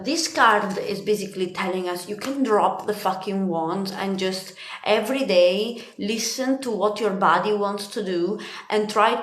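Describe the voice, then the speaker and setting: A woman from Italy giving a casual spiritual card reading, chatty and laughing often, swearing freely. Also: fairly high pitch. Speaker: tarot card reader. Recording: echoey room.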